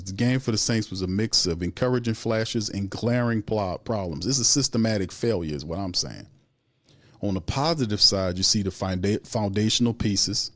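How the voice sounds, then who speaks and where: A man's voice: lowish voice, no echo, clean studio sound. A man hosting a sports show, giving heated, opinionated commentary that rises into exasperated outbursts.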